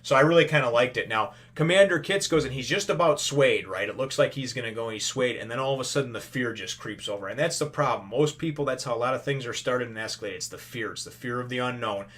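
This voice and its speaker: A man's voice: medium pitch, fast, hardly any pauses, a bit bright. A man hosting his own channel, talking through an anime episode in a loose, rambling way, often tossing in "you know" and "right?" and calling his viewers brothers and sisters. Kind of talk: casual spoken review.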